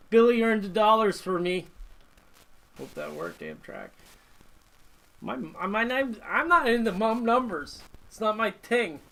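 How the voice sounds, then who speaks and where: Chatty, rambling high-voiced man. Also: fairly bright tone, low-quality recording. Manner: rambling, chatty, reads viewer comments. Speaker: host of a live model-building stream. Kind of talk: casual live-stream chat. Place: home hobby workshop.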